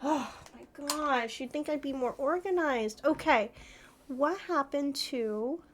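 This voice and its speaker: Giggly high-voiced woman streamer. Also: slow. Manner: giggly and flustered, laughing often. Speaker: live streamer. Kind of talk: casual livestream chat.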